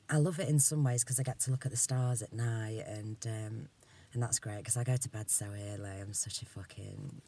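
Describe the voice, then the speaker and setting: A man talks on his own in a loose, rambling monologue. He swears freely and speaks with open candour. He often wanders off topic and drops into low, murmured asides. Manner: drifts between topics, trails off into quiet asides. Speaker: vlogger. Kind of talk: casual personal monologue.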